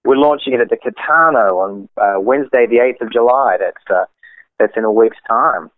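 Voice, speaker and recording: A man's voice: mid-range voice, normal speed. A man from Australia with an Australian accent, a musician chatting casually as an interview guest over the phone. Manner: chatty, laughing easily, multitasking. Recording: tinny dry phone line.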